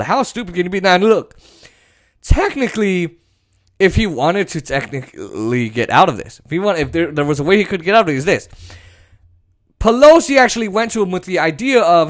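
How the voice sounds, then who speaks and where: A man's voice: sits high, sing-song, unhurried. A man hosting a political commentary podcast, ranting and swearing as he mocks the people he talks about. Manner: ranting, profane, mocking. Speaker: podcast host.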